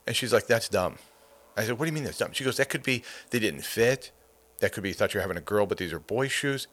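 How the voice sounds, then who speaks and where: A man's voice: on the low side, a bit bright. A man hosting a podcast, talking in a chatty, rambling, playful way. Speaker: podcast host. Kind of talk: casual monologue.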